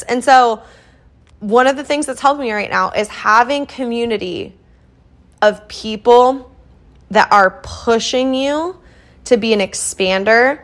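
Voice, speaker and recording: Chatty young woman host with a brightish voice. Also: a little high. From Iowa, US Midwest. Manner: earnest and chatty, with many "like" fillers. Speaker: podcast host. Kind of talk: casual motivational solo podcast talk.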